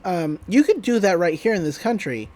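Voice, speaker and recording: A man's voice: high voice, very animated, normal speed, a little mellow. A man co-hosting a podcast, retelling an anime episode in a loose, joking way with frequent laughs and casual swearing. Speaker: podcast co-host.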